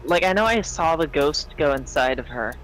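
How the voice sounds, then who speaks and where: A woman playing a tabletop game, slowly and hesitantly describing her character's moves. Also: low voice, lively intonation, soft background music, rough recording. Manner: slow, hesitant. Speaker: player.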